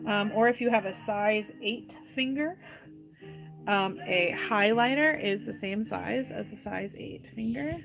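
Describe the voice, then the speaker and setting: Speaking a little slowly in a mid-range voice with vocal fry, a woman leads a live tutorial showing how to wrap wire for jewelry. Between steps she casually reads and answers comments from her viewers, never rushing. The rough recording has music in the background.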